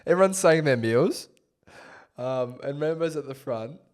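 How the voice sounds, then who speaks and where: Animated young Australian storyteller, man. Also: fairly high pitch, unhurried. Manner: animated storyteller, laughs often. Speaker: podcast co-host. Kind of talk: casual chat.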